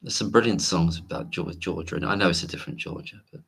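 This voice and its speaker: A man's voice: low voice, quick pace, vocal fry, fairly bright tone, husky. A man hosting a late-night livestream, rambling casually and reading viewer comments aloud. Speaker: livestream host.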